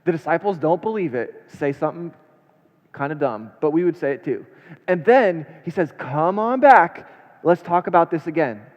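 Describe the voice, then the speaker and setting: A slightly high-voiced man preaching in a church, reading scripture and then explaining it with questions put to the congregation. His delivery moves from hushed to emphatic. The sound is dull and lo-fi, with a long reverb trailing behind him. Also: lively intonation, moderate pace. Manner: swings between hushed and emphatic. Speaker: pastor. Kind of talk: expository sermon. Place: church sanctuary.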